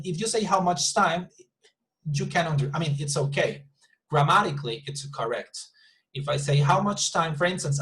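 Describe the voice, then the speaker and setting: A man's voice: fairly high pitch, low-quality recording. Patient man teaching English online. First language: Spanish. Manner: patient, repeats and rephrases, checks understanding. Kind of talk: online class instruction.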